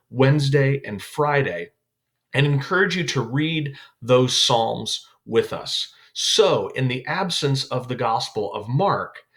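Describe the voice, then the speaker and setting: Man giving a devotional Bible teaching. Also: mid-range voice. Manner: calm explanatory delivery with frequent "uh" fillers. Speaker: youth pastor.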